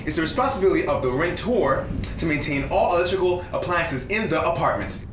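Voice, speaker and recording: A man playing a cheeky, rambling flatmate. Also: a little high, fairly quick, noisy background, natural voice. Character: mooching, chatty young male flatmate. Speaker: actor. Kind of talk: short film acting. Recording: roomy sound with music behind.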